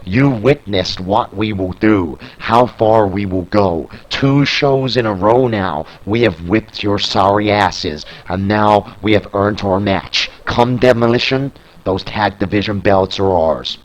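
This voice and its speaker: A man reading out the slow, deliberate threats of a confident male tag-team wrestler in his own low voice. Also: low-quality recording. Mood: menacing.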